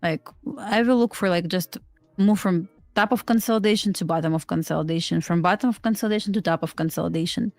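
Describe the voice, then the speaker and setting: A woman's voice: fairly low pitch, fast talker, dry recording. A woman with a mid-range voice walks through her trade plan on a live stream. Her English is plain and explanatory with grammar, recorded dry and close. Faint music sits underneath. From Belarus. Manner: plain explanatory talk with non-native grammar. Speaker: futures trader co-host. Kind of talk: live trading commentary.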